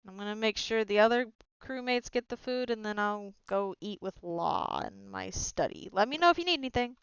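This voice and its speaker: Casual cheerful lady playing a captain in a tabletop game, really clear voice, kinda lo-fi. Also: medium pitch, animated, normal speed, no room sound. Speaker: player as ship captain. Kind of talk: in-character tabletop role-play.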